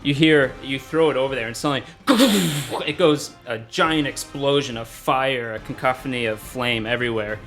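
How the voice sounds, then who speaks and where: Male dungeon master, relaxed narration with fillers and chuckles, faint music bed. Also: medium pitch, brisk, few pauses. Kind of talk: narrating a tabletop game.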